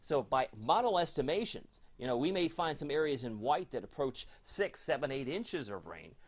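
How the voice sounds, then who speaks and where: A man delivers a live weather forecast, chatty and folksy, chatting with his viewers as he goes. His voice swings up and down with lively inflection, and he talks at a middle pitch. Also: normal speed. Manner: chatty, folksy, reads viewer comments aloud.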